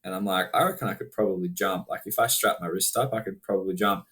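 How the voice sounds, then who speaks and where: A man from Australia with a low voice talks in a relaxed, unhurried way. He is a freestyle motocross rider chatting on a podcast, and his sentences trail along with plenty of likes and ums. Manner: laid-back, drawn-out, filler-heavy talk. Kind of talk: casual chat.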